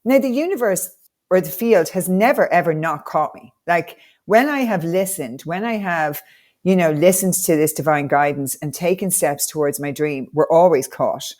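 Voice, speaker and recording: Low-voiced woman, motivational. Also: normal speed, darkish tone. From Ireland. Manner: enthusiastic, motivational storytelling. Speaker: podcast guest, life coach. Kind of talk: conversational podcast interview.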